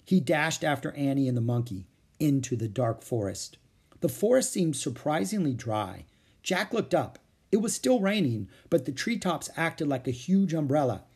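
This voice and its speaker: A man reading a children's chapter book aloud as a storyteller, with expressive, animated delivery. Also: on the high side, moderate pace, breathy edge.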